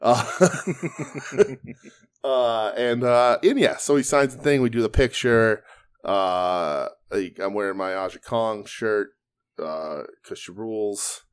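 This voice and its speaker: A man's voice: on the low side, takes it slowly, smooth. A man in his forties, a podcast co-host, tells a rambling story in casual chat and laughs often.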